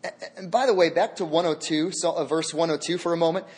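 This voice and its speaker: A man's voice: a little high, steady tone, fast talker, a little mellow. A man preaching a sermon as a pastor, emphatic and repeating key phrases for weight.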